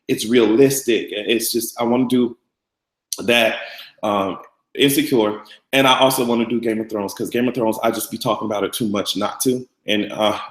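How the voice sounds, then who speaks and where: A man's voice: medium pitch, echoey room, poor audio. A man hosting a live-stream gossip show, brash, profane and camp. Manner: brash, profane and camp, with loud cackling laughs. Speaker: vlogger host.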